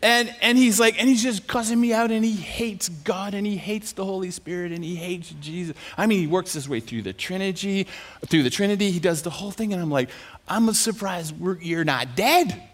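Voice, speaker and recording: A preacher telling a story in a sermon. He is animated and self-mocking, and he often laughs as he talks. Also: sits high, moderate pace.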